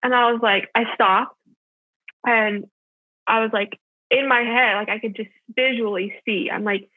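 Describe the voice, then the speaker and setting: Young woman guest, slightly high voice, rambling casual storyteller, heard over a tinny phone line. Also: steady tone, unhurried, no room sound. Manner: chatty, full of "like" fillers. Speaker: podcast guest.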